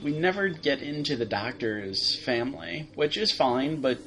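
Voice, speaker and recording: A man's voice: mid-range voice, lively intonation, unhurried, fairly bright tone, slight background noise. Rambling man co-hosting a casual podcast. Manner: rambling, hesitant, quotes lines in playful voices. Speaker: podcast co-host. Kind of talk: casual review chat.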